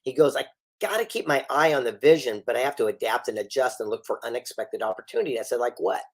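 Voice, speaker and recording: A man's voice: medium pitch, fast. A middle-aged man, a guest author and speaker, telling stories in an interview and acting out the dialogue he quotes. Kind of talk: storytelling interview.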